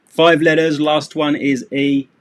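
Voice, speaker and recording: A man's voice: a little high, level tone, measured pace, a little hiss or hum. A middle-aged man leads a live English class. He explains phrasal verbs and idioms in a loose, joking way. He keeps slipping in sarcastic asides. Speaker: English teacher. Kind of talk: live-streamed English lesson.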